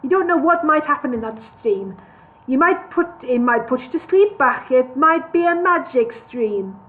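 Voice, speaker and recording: A woman's voice: high-pitched, lively intonation, moderate pace, voice pushed up. A woman voicing a gloomy, hesitant male dwarf guide who talks warily and stumbles over his words. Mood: wary. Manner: hesitant, wary, with stammered restarts. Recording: tinny phone-like sound.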